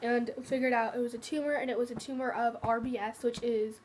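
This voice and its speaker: Casting note: teenage girl with a high voice, halting personal vlog talk. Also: level tone, darkish tone, a little hiss or hum. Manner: hesitant, many fillers and restarts. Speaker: vlogger sharing her cancer story. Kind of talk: casual personal storytelling.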